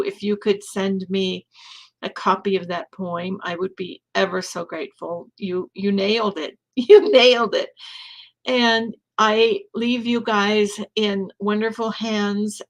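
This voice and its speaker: A woman minister giving an emotional, halting thank-you to her congregation. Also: mid-range voice. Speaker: departing minister. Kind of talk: heartfelt thank-you speech in a service.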